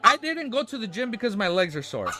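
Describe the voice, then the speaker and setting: A man's voice: high voice, sing-song, quick pace. A young man streamer rambling casually through his outro from the floor at home, often breaking into playful baby talk with his dog. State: low energy.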